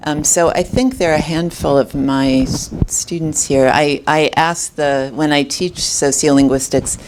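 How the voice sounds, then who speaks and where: A woman moderating an academic symposium, posing a question in a halting, thoughtful way with many restarts. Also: deep voice, fairly even intonation, background noise.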